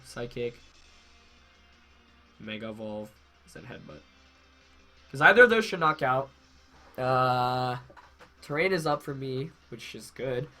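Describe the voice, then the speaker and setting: A man's voice: medium pitch, pushed and bright. Congested young man commentating his game. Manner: thinks aloud with many fillers and self-corrections. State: congested from a cold. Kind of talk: casual play-by-play commentary.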